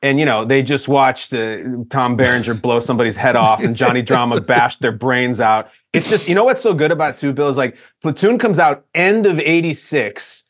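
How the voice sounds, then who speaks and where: A man's voice: medium pitch, lively intonation, fairly bright tone. Enthusiastic American man, podcast co-host. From United States. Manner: enthusiastic, jumps in with quick reactions. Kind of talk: casual movie chat.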